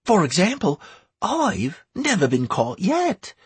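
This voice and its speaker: A boastful little village kid chatters away in a high, bouncing voice. The tone carries a husky grain and sits in a dry, close sound. It is the sound of a storybook kid who talks big. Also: male voice, wildly swooping pitch, slow pace, no echo, full character voice. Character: cheeky toothless village boy, chatty.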